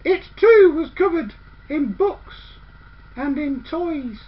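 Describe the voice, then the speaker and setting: High-voiced woman telling a story. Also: animated, takes it slowly. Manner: bossy narrator who acts out the girls' lines. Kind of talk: playful storytelling. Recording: dull lo-fi recording.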